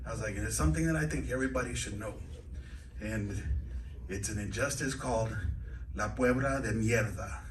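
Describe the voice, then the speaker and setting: A man's voice: fairly low pitch, a little fast, slight background noise. A man doing stand-up comedy at an open mic night, rambling and hesitant with lots of fillers. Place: comedy club stage, indoors. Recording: echoey club room from a distance.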